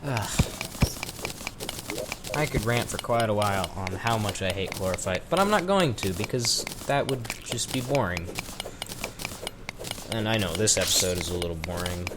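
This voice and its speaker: This let's-play commentator from the American South has a lowish voice with lively intonation, speaking at normal speed and pausing often. He rambles and mocks himself while talking into a desk microphone, over heavy background noise.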